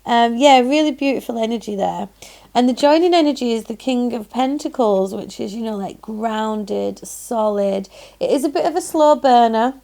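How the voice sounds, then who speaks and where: A woman's voice: a little high, normal speed, vocal fry, warm tone. A woman with a Yorkshire accent giving a chatty, effusive pick-a-card tarot reading, full of "um"s and exclamations of delight. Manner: chatty and effusive, frequent "um"s and "lovely". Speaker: tarot reader.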